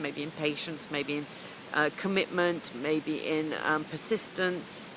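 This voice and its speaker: A woman's voice: low-pitched, fairly even intonation, a little slow, background noise. A middle-aged woman coach telling a long, rambling story in a casual vlog, chatting away as she goes. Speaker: business coach.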